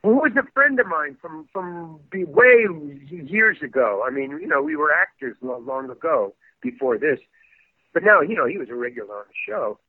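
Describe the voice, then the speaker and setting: A guest actor tells a casual, animated anecdote in a slightly high, expressive, husky voice at normal speed. He stammers and restarts as he acts out the quotes. The recording is dry and narrow like a phone, with no room sound.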